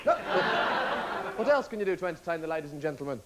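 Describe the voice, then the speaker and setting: A man's voice: a little high, big pitch swings, fast. A young man, doing live comedy patter on stage while scolding and coaxing a puppet partner. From West Midlands, England. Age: 20s. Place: TV studio stage before an audience. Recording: loud noisy broadcast with clicks.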